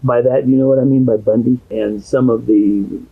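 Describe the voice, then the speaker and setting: A pastor speaks at length in a secretly recorded private conversation, his mid-range voice gravelly and husky, steady in tone and at normal speed. He rambles earnestly and grows emotional at times, and the audio sounds tinny, like a phone.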